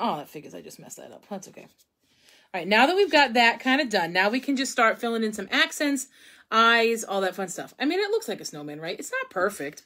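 A woman's voice: mid-range voice, fairly bright tone. A young woman hosting a casual painting tutorial, chatting and thinking aloud as she works, often poking fun at her own mistakes. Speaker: craft instructor.

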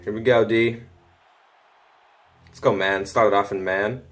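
A teenage boy casually commenting on a football video game from home, chatty, easily excited and often muttering to himself. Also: on the low side, unhurried. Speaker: gaming commentator. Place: home room.

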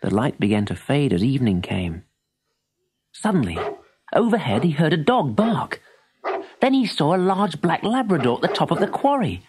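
A man narrating a children's story in an expressive, animated storytelling manner. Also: on the high side, moderate pace, background noise. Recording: story tape with music.

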